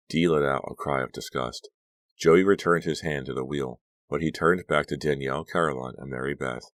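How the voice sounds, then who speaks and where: A man narrating a suspense audiobook with measured, dramatic storytelling. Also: very deep voice, steady tone, a bit bright, no echo. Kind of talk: scripted narration.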